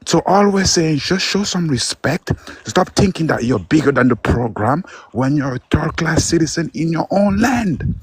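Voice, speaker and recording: A man's voice: a little high, lively intonation, normal speed, breathy edge, dry recording. A man in a heated online debate, confrontational and lecturing, with mocking jabs at his opponent.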